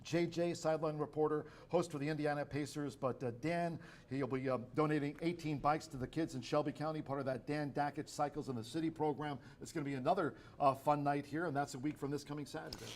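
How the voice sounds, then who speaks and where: A man co-hosts a horse racing show, running through upcoming events in a jokey, promotional way. His voice sits a bit high for a man. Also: steady tone, fast talker, hardly any pauses. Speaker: racing program co-host. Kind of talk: casual chat, promo talk.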